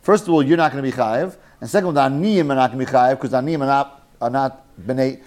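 A man teaching a lively Talmud class, mixing Hebrew and Yiddish terms and joking with his students. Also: mid-range voice, fast talker.

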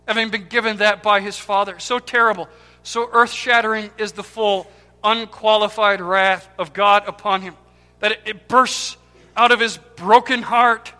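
A man preaching a sermon with impassioned swings between loud cries and hushed, near-whispered words, repeating key words for emphasis. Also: high voice. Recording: long hall reverb with faint music.

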